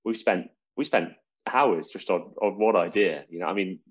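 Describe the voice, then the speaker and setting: Deep-voiced and slightly rough, a British man hosts a podcast at normal speed, rambling about magic in a self-mocking, casual way. The audio is dull and lo-fi.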